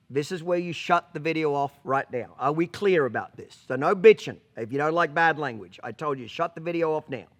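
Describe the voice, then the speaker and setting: Horse guy ranting straight to camera, cusses a lot, keeps going okay?. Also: fairly high pitch. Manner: blunt and profane, keeps asking "okay?". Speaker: horse trainer. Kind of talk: casual monologue to camera.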